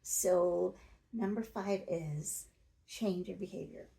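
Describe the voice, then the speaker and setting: A woman's voice: on the low side, slow pace, vocal fry, mellow, poor audio. A woman talking straight to her audience in a coaching, plain-spoken advice monologue. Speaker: self-help video host.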